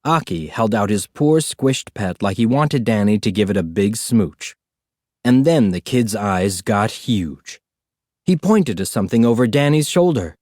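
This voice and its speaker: Guy reading a storybook aloud, really animated, dry close sound. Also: lowish voice, measured pace, no echo. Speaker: audiobook narrator. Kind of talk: scripted storybook narration.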